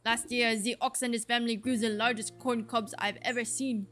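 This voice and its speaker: A woman's voice: sits high, animated, rapid-fire, a bit bright, faint music behind. A woman voicing a competitive vegetable farmer creature in a throaty mock French accent. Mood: suspicious.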